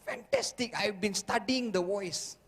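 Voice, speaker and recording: Slow, emphatic male seminar speaker in a hall. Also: sits high, huge pitch swings, gravelly, fairly bright tone, breathy edge. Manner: checks in with the audience constantly; acts out the voices he quotes. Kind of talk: motivational seminar talk. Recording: long hall reverb.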